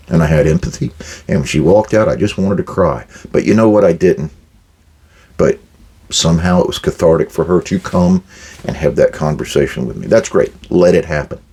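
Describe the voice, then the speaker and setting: A man's voice: a bass voice, a little mellow, husky. An older man hosting a management advice talk, blunt and direct, acting out quoted exchanges with workers. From United States. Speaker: podcast host giving management advice.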